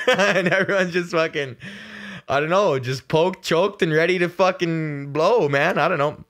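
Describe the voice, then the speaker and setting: A man's voice: fairly high pitch, measured pace, a bit bright. A young man hosting his own show, talking in a casual rambling monologue, crude and joking with lots of swearing. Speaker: podcast host.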